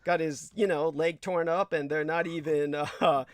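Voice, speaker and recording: A man hosting a casual livestream chat, hoarse from losing his voice, talking haltingly with many fillers and restarts. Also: a little high, fairly even intonation, dry recording, studio quality. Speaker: livestream host.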